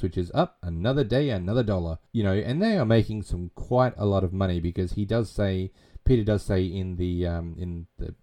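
Deep-voiced man recapping a film casually. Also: dark tone. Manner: rambling, chatty, many fillers. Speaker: film reviewer.

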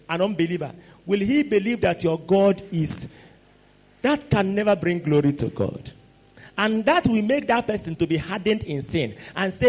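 A man preaching a sermon, animated and exclamatory, sometimes rising to shouts. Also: high voice, normal speed.

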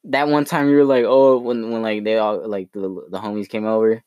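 A man's voice: fairly low pitch, flat delivery, brisk, a little mellow, smooth, dry recording, highs cut off. A young man co-hosting a podcast in casual chat, teasing and rambling with lots of slang. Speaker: podcast co-host.

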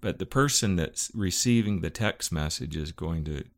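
A man's voice: low voice, animated, moderate pace. A man co-hosting a casual podcast with his wife, rambling a little and correcting himself as he gives everyday examples. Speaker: podcast co-host.

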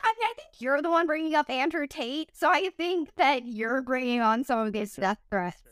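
A woman hosting a casual podcast chat, talking loosely with lots of "like" fillers and quick disclaimers. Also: high voice, animated, fairly bright tone, no room sound. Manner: chatty, many "like" fillers, quick asides and self-disclaimers. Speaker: podcast host.

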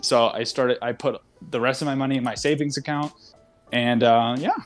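A young man of average pitch chats candidly as a podcast host, seated at his desk at home. He rambles, piling up fillers and cutting himself off mid-thought. The talk stays loose and open. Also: steady tone, normal speed, soft background music. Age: young adult. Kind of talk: casual chat.

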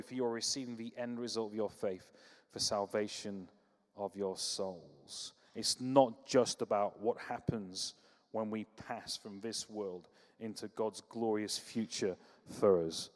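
A man's voice: mid-range voice, normal speed. Man preaching in an echoing church. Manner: lively storytelling with humor. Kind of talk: sermon.

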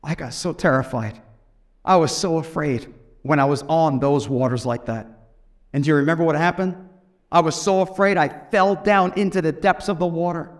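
A man's voice: on the high side, normal speed, close to an everyday voice. A man voicing the apostle Peter as a humbled grown man confessing his fear and little faith. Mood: rueful. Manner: rueful, confessional.

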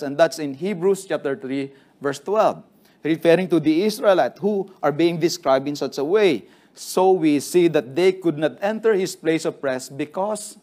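A man's voice: fairly high pitch, darkish tone. A man preaching a sermon to his congregation, telling the stories in an earnest way and acting out the quotes. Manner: storytelling with acted quotes, earnest.

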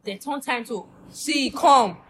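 A woman's voice: high-pitched, takes it slowly, a bit bright. Teasing Nigerian woman hosting a chat. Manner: teasing, laughs often, mixes in pidgin. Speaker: podcast host. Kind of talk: casual chat. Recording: faint background noise.

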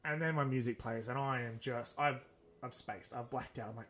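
A young man hosts a podcast, earnestly telling a rambling personal story in a brisk, mid-range voice. He acts out the dialogue as casual storytelling.

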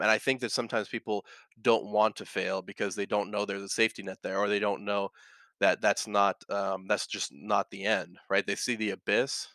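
A man's voice: fairly low pitch, bright, forceful tone, clear, resonant tone, dry recording, clean studio sound. A man hosting his own podcast, talking casually and reading online posts aloud, full of fillers, restarts and tag questions. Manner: rambling, many fillers and restarts, frequent "right?". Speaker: podcast host.

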